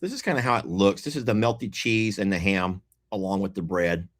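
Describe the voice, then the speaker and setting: A man's voice: deep voice, fairly bright tone. A man chatting casually to viewers while eating, folksy and teasing. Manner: slow, folksy, teasing, laughs often, talks while eating. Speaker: food vlogger. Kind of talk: casual mukbang chat to viewers.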